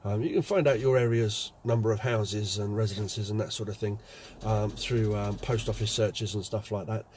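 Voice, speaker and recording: A man's voice: fairly low pitch, fairly even intonation, normal speed, darkish tone, a little hiss or hum. A man, a window cleaning business owner, telling anecdotes in a chatty casual vlog. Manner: chatty, anecdotal, many fillers.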